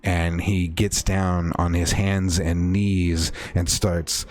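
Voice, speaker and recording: A man acting as game master, slowly describing a horror scene in a tabletop game with frequent fillers. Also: low-pitched, level tone, a little mellow.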